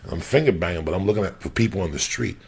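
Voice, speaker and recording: A comedian storyteller with a deep, gravelly, husky voice tells crude stories in a casual chat, swearing constantly and acting out the voices of the people he quotes. His delivery is expressive and rapid-fire, with a darkish tone and slight background noise.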